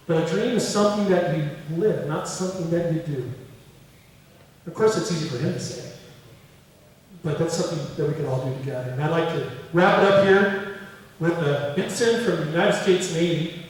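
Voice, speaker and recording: Middle-aged male lecturer, higher register, animated storyteller; distant mic in a roomy museum hall. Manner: animated anecdotes, acting out quoted voices. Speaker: museum speaker.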